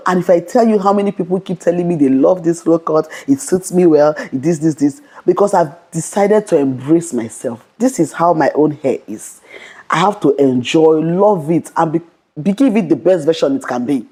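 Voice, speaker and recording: A young adult woman vlogger giving a fast, bold motivational Christian talk to camera, often repeating "okay". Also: deep voice, expressive, warm tone, husky.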